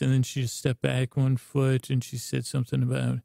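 Rambling, gravelly man telling a sleep story. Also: little pitch movement, normal speed, few pauses, warm tone, dry recording, studio quality. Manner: meandering, stammering, low-key. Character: downcast male spaceship pilot writing to a pen pal. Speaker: podcast host and storyteller.

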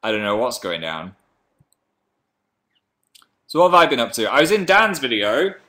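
A man's voice: mid-range voice, big pitch swings, normal speed, bright, forceful tone. A man hosting a casual livestream, chatting playfully and reading viewer comments aloud. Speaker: livestream host.

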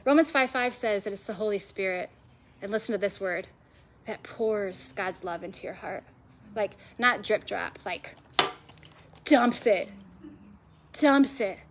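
A woman's voice: medium pitch, normal speed, slight background noise. A woman preaching a sermon to a live audience, passionate and emphatic, stacking repeated phrases. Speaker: women's ministry speaker. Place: event venue with a live audience.

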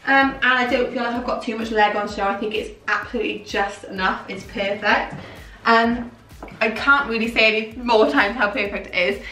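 A young woman chatting casually and excitedly through a clothing haul vlog, with plenty of fillers. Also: on the high side, moderate pace, far from the mic. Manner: chatty, gushing, filler-heavy. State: out of breath. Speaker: fashion vlogger. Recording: echoey room, voice a little off-mic.

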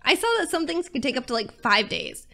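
A woman's voice: high voice, lively intonation, a little fast, creaky, sharp tone, faint music behind. Chatty young woman playing a game. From United States. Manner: chatty, gushing with fillers. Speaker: gaming YouTuber. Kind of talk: casual gameplay commentary.

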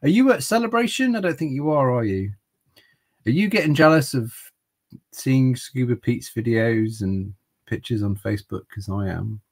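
A man's voice: mid-range voice, lively intonation, normal speed, a little mellow. A man hosting a casual livestream, rambling and chatting with viewers by name while a little tipsy from wine. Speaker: livestream host.

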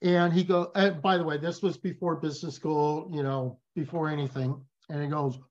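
A man speaks as a guest in a casual interview. He tells stories with animated emphasis. His audio sounds a little dull and muffled. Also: on the high side, normal speed. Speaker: guest, business professor.

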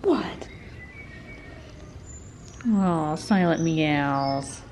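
Slow, cooing woman talking to cats. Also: fairly low pitch, animated, faint music behind. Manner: cooing pet talk, often hushed to a whisper. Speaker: cat vlogger. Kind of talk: casual talk to pets. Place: cat café.

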